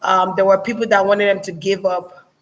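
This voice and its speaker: A woman, giving a casual spiritual channeling reading, musing slowly with many fillers and restarts. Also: mid-range voice, level tone, a bit bright, rough recording.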